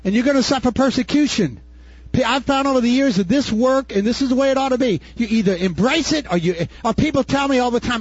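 An older man preaching a sermon as pastor, impassioned and folksy, rising to shouts at his peaks. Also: extremely high pitch, lively intonation, fast talker, husky, no echo. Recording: dull dry recording.

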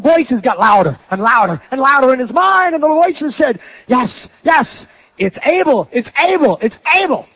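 A man preaching a sermon, dramatic, swinging from loud bursts to low asides. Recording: tinny phone-like sound.

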